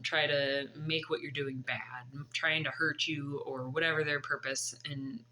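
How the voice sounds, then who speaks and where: A woman's voice: sits low, pushed and bright, low-quality recording. A woman in her thirties telling a personal story in a vlog, earnest and reflective. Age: 30s. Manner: earnest, reflective, faith-driven. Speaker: vlogger.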